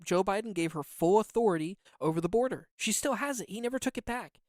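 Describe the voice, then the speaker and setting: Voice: mid-range voice, lively intonation, fast, darkish tone, no room sound, clean studio sound. A podcast co-host ranting in heated, indignant political commentary, repeating words for emphasis.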